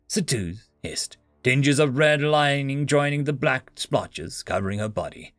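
A man narrating a science-fiction story in an expressive reading style. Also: mid-range voice, a little slow, hardly any pauses, dry recording, soft background music.

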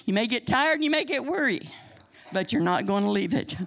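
High, gravelly woman preaching folksy sermon. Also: animated, a little fast, a bit bright. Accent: Midwestern American. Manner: folksy, emphatic preaching to a congregation. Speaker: church speaker. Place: church sanctuary.

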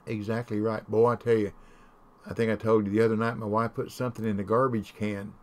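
A man's voice: lowish voice, level tone, a little fast. A man chatting casually while streaming a game, telling folksy, rambling stories. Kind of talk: casual chat while gaming.

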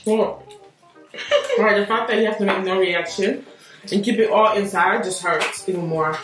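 A woman's voice: mid-range voice, fairly even intonation, moderate pace, fairly bright tone. A young woman vlogging a spicy food challenge in casual chat, giggling and talking through the burn. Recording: echoey room, distant mic, faint music.

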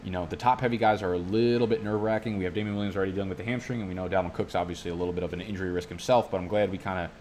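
Male streamer, low voice, loose and profane, tangent-prone chat. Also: steady tone, very fast, hardly any pauses, a little mellow, a little hiss or hum. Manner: profane, rambling, goes off on tangents. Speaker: fantasy football youtuber. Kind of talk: casual live-stream commentary. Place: home studio.

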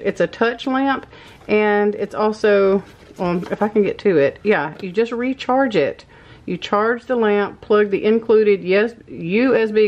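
A woman's voice: mid-range voice, dull audio. A woman, chatting casually as a vlog host, friendly and rambling, laughing now and then. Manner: friendly, rambling, uses y'all, laughs often. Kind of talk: casual chatty voiceover and haul talk. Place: home.

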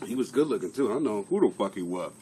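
A man's voice: fairly low pitch, animated, rapid-fire, mellow, a little hiss or hum. A middle-aged man hosting his own comedy podcast from a home basement, chatting casually in a profane, rambling, self-mocking way. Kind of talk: casual live-stream chat.

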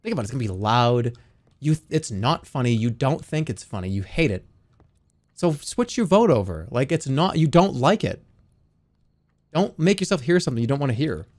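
A man's voice: medium pitch, sing-song, normal speed, darkish tone. A man livestreaming who chats casually and sarcastically, talking straight to his viewers. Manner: sarcastic, joking, talks straight to the chat.

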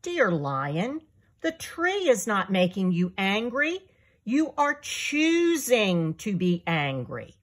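Wise, gentle parrot, read by a woman, slow and breathy for a children's storybook. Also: medium pitch. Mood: calm. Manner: calm and kind. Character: smart, calm male parrot. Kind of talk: storybook reading.

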